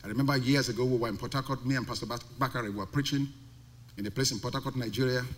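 A man's voice: medium pitch, fairly even intonation, very fast. A male pastor preaching a sermon, emphatic and full of rhetorical questions. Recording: long reverb of a large hall.

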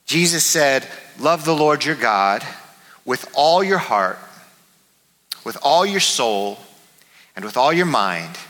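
A man preaching a sermon as pastor, emphatic, repeating his key words and swinging between soft and loud. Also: medium pitch, in a large hall, poor audio.

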